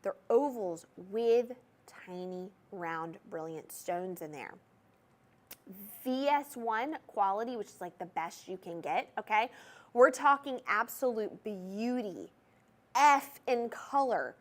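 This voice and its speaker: A woman's voice: medium pitch, animated, takes it slowly. A young woman with a Southern US accent, hosting a TV jewelry shopping show in a bubbly, chatty, salesy manner. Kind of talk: TV shopping presentation.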